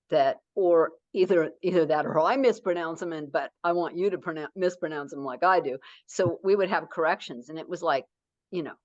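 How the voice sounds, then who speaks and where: A woman author chatting in an interview, warmly praising with frequent restarts. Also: low-pitched, no room sound. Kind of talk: casual interview chat. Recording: slightly dull lo-fi sound.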